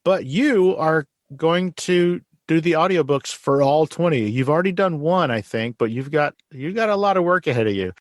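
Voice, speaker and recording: A man's voice: a little high, lively intonation, moderate pace, hardly any pauses, dry recording, clean studio sound. A man hosting a podcast interview in casual chat, enthusiastic and swearing freely. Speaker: podcast host.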